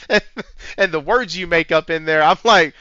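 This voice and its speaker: A man hosting a casual gaming podcast, talking in an amped-up, high-energy way and swearing freely. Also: takes it slowly, sharp tone. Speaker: podcast host. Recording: slightly muffled audio with faint background music.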